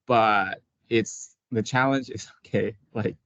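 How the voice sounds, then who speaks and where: A man's voice: fairly low pitch, takes it slowly, fairly bright tone, no room sound, dull audio. A man, an occupational therapist, talking casually as an interview guest, hesitant with many restarts and frequent laughs.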